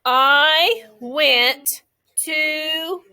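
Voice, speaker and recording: In a phonics lesson for a class of young kids, a woman draws out each word's sounds slowly. She speaks in a high, bright, forceful tone.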